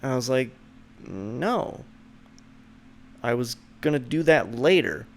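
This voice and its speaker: A man hosting his own show, telling a rambling personal story full of "like" and "and then," putting on a higher voice to mock what others said. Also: expressive, slow, vocal fry. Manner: mocks the friend's lines in a higher voice. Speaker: show host. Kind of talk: casual storytelling.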